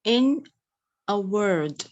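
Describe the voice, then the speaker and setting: A female language student reads aloud slowly and haltingly, unsure of each word. Her voice is dry and close. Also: mid-range voice, expressive, a little mellow, dry recording, dull audio. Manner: hesitant, halting reading. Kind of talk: reading aloud in class.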